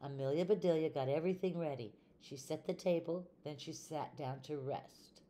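An older woman, a retired teacher, reading a children's storybook aloud in a gentle, expressive way. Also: sits low, normal speed, a little hiss or hum.

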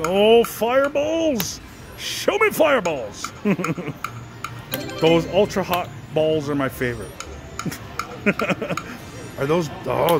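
A slot machine vlogger giving excited live commentary on a casino floor, pleading with the machine over and over. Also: medium pitch. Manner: excitable, pleads with the machine, repeats "come on" and "one more". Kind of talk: excited live commentary while playing slots. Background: jingling slot machine music.

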